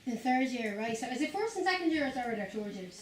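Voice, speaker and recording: A woman's voice: fairly high pitch, big pitch swings, fast talker, a little hiss or hum. A woman with an Irish accent, a visiting spoken word poet talking casually to school students, loose and chatty with lots of "like" and "you know what I mean". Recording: echoey room from far off.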